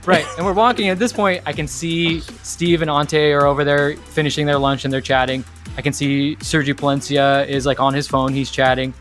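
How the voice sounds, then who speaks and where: A man co-hosting a podcast, telling a story in a lively, casual way with lots of "like" and restarts. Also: a little high, moderate pace, soft background music. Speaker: podcast co-host.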